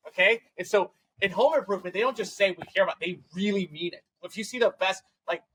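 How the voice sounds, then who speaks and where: A man, a tech company CEO, telling stories as a guest in a casual podcast interview, acting out quoted dialogue with quick, run-on phrasing. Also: sits high, fairly bright tone, slightly rough, rough recording. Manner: fast, run-on phrasing with restarts.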